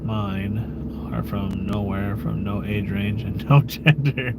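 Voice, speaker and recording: Speaking slowly in a lowish voice against a noisy background, a US man runs his own channel and chats casually with live-stream viewers. His manner is relaxed and rambling, peppered with fillers, swearing and little chuckles.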